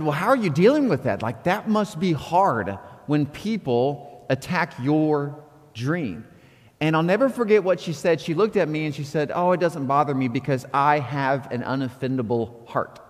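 Animated male pastor in a reverberant hall. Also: fairly high pitch. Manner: conversational, animated preaching with quoted inner dialogue. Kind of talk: sermon. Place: church auditorium. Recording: long reverb of a church hall.

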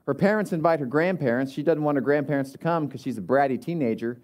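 A male pastor delivering a relaxed, conversational sermon, with frequent fillers and restarts. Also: fairly high pitch, fast talker.

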